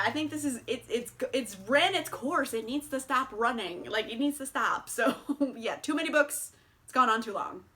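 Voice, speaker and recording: Bright-voiced, chatty young woman vlogger. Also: a little high. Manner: chatty, swears freely, laughs often. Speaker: booktuber. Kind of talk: casual book tag vlog.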